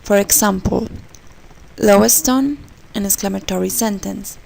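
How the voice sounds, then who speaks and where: Woman, pronunciation lesson read aloud, gravelly voice, careful example words. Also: mid-range voice, fairly even intonation, normal speed, a little mellow, slight background noise, rough recording. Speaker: student presenter.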